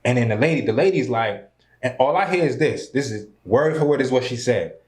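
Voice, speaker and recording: A man hosting a podcast, telling a story in a loose, animated way with lots of slang and restarts. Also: medium pitch, a little fast. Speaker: podcast host. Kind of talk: casual chat. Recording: echoey room.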